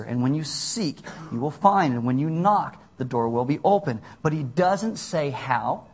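Husky-voiced man preaching conversationally. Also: fairly high pitch. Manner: conversational, reads scripture aloud, self-deprecating asides. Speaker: pastor. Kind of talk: sermon.

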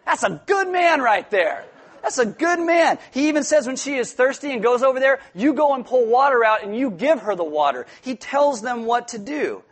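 A man preaching a sermon in a lively, joking way, acting out quoted voices as he goes. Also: high-pitched. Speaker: pastor.

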